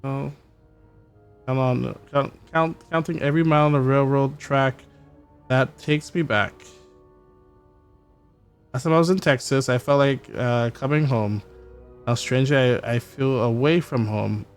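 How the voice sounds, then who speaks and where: A man's voice: mid-range voice, smooth, soft background music. Man reading game letters aloud. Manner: halting reading with stumbles and wry profane asides. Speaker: gameplay streamer.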